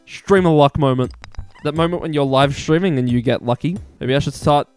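A man in his twenties doing casual gameplay commentary, excitable, swearing and joking at his own expense. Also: fairly high pitch, a little fast, clear, resonant tone, no room sound, faint music behind. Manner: excitable, swearing, self-mocking jokes. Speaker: gaming streamer.

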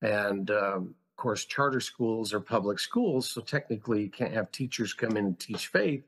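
A man with a lowish, slightly rough and somewhat bright voice speaks animatedly at normal speed. He's a school founder telling his story on a podcast in a passionate, earnest, reflective manner.

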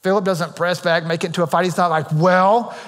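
A male pastor delivers a sermon in a relaxed, conversational way, cracking jokes and tossing in "right?" to keep the room with him. His voice sits fairly high for a man. The sound carries a long reverb from a large church hall. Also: fast talker. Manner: conversational and joking, keeps asking "right?". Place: church auditorium.

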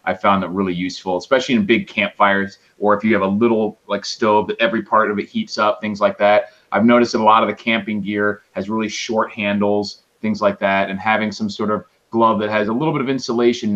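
Low male co-host on a dull remote line, easygoing and chatty. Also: a little fast, hardly any pauses. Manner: relaxed, describing gear at length. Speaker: podcast co-host. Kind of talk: casual chat.

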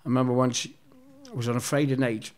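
A man's voice: mid-range voice, little pitch movement. Rambling, foul-mouthed man telling stories. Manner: rambling, heavy swearing, quick restarts. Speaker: interview guest. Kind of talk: casual anecdotal storytelling.

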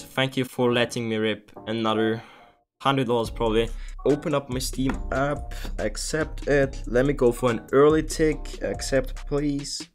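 A young man streaming online gambling, talking casually to viewers, often pleading and swearing in exasperation. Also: mid-range voice.

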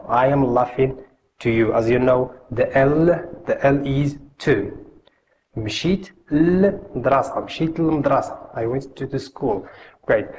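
A young man teaching a language lesson, patiently repeating each phrase slowly for learners. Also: medium pitch, darkish tone, a little hiss or hum. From Morocco.

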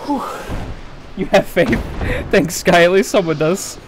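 A man's voice: sits high, takes it slowly, a little hiss or hum. A young man commenting live on his gameplay, yelping and pleading in danger and joking with sarcastic bravado. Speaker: streamer.

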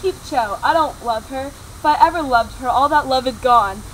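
A woman's voice: sits high, moderate pace, fairly bright tone, a little hiss or hum, low-quality recording. A woman playing a moody, jealous young male wizard making dramatic declarations. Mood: adoring. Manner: sulky, then flowery declarations.

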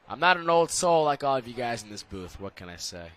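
A young man doing casual, jokey color commentary for a school soccer stream, rambling and getting excited. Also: mid-range voice, normal speed.

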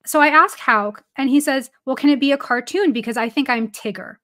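A woman's voice: high voice, fairly quick, fairly bright tone. A woman who is a baseball reporter, guesting on a podcast and telling a story casually with plenty of "like" fillers and some laughter.

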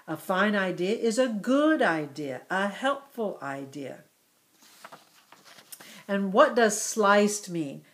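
A woman teaching young children, asking questions about a story and praising their answers in a slow, encouraging way. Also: mid-range voice, a bit bright. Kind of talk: story comprehension lesson for children.

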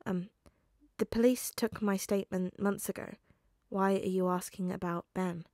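A woman's voice: mid-range voice, fairly even intonation, moderate pace, warm tone, dry recording, clean studio sound, close to an everyday voice. A woman reading a fan story aloud, voicing a nervous, grieving teenage boy who hesitates and trails off with ums.

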